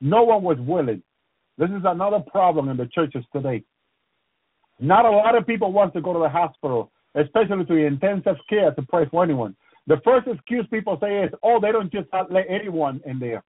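High-voiced preacher on a tinny line. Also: male voice, expressive, breathy edge, no room sound. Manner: punctuates every few phrases with "praise the Lord"; halting, repeats words and restarts. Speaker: minister. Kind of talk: testimony preaching. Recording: dry, tinny phone-like sound.

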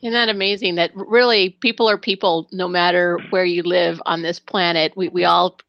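A woman hosting an interview, chatty and halting with many restarts. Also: lowish voice, steady tone, gravelly, no echo, dull audio. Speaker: radio talk show host.

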